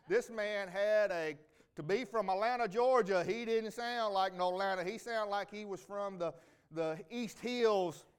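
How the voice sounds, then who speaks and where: A man's voice: high voice, clear, resonant tone. A middle-aged man giving a rambling, folksy homecoming testimony to a church congregation. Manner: folksy, rambling, with many restarts. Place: church sanctuary.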